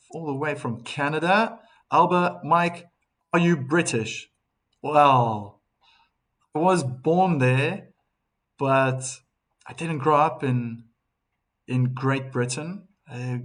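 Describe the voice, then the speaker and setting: A man hosts a live tennis stream, talking with a slightly raised pitch. He takes his time, chatting easily with viewers and reading their comments aloud. He often restarts his sentences and fills gaps with ums. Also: a bit bright. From South Africa.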